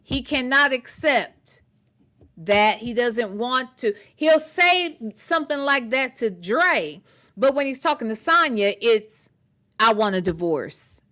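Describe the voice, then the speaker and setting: Bright-voiced woman chatting to her viewers. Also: high-pitched, slow pace. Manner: chatty, animated, talks to the chat directly. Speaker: commentary streamer. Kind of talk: casual livestream commentary.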